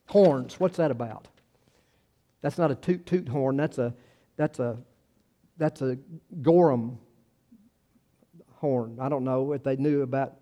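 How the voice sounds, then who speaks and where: Mellow-voiced man preaching conversationally. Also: a little high. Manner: conversational preaching, trails off and restarts, rises for emphasis. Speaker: pastor. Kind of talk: sermon.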